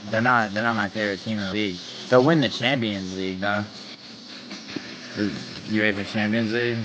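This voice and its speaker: Brash, foul-mouthed low-voiced streamer. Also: male voice, fairly even intonation, moderate pace, background noise. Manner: brash, profane, trash-talking banter. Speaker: livestream host. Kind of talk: casual livestream chat, answering viewers.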